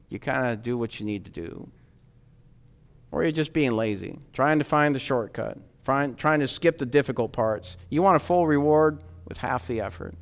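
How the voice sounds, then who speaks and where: A man preaching a sermon in an earnest, urging way, rising in emphasis and dropping low again. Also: clear, resonant tone.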